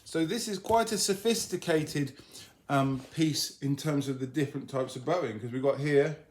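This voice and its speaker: A man teaching a violin lesson in a relaxed, explanatory way, often singing phrases of the tune on nonsense syllables. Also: a little high, normal speed. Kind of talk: instructional lesson video.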